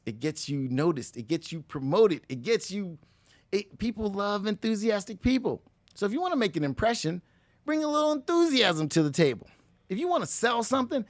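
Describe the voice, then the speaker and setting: A man hosting a motivational talk, energetic and preachy, who keeps addressing listeners as ladies and gentlemen. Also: high-pitched, no echo. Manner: energetic, preachy, slips into mock voices. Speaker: motivational show host.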